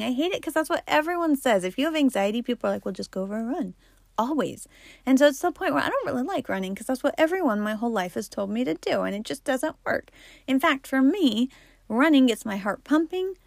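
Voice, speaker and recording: Here a podcast host in her forties tells personal stories, candid and chatty, with frequent laughter. She has a gravelly mid-range voice, captured dry at studio quality.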